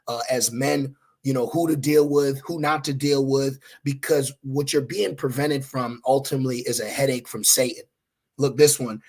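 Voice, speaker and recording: A man's voice: medium pitch, slightly rough. A young adult man preaching a fiery sermon, confrontational and scornful as he reads scripture aloud. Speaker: street preacher.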